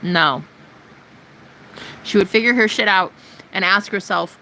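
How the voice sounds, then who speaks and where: A woman's voice: fairly low pitch, measured pace, long pauses, bright, forceful tone, slight background noise, low-quality recording. A woman live streaming, talking casually and ranting in a brash, sarcastic way full of profanity.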